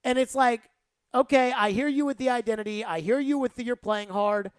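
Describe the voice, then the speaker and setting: A woman's voice: on the high side, a little fast, smooth, no echo. A woman hosting sports talk radio, giving rambling, emphatic opinions and saying "like" a lot.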